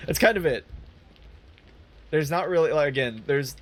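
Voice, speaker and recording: A man's voice: a little high, slow. Chatty man doing game commentary. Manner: chatty, reads game text aloud with asides. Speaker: let's play host.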